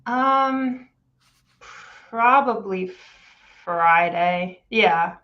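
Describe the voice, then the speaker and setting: A woman's voice: medium pitch, lively intonation, drawn-out words. A woman guest on a live-stream interview, hesitating with fillers and laughing often as she answers. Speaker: guest, business founder. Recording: dull lo-fi stream audio.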